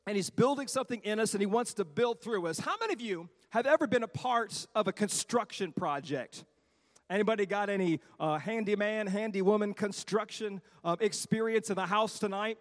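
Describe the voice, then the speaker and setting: A middle-aged man preaching a sermon as a children's minister, lively and talking straight to the congregation. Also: high voice, moderate pace. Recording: long hall reverb.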